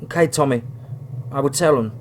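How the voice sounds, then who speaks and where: A man voicing an excited young boy who talks breathlessly and urgently in a horror story. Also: mid-range voice, fairly quick, close to an everyday voice. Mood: pleading.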